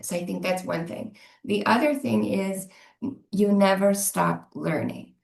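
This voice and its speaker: A woman's voice: mid-range voice, a little slow, gravelly. A woman from Northern Ireland with a Northern Irish accent, an English teacher answering interview questions earnestly and thoughtfully. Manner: thoughtful, earnest, restarts words. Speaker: English language teacher, guest. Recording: echoey room.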